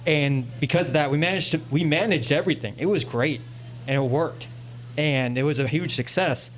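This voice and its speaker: At a convention panel, a young male audience member tells a casual, earnest and rambling story into a handheld panel mic. His voice is on the high side at a normal speed, and he says "you know" often.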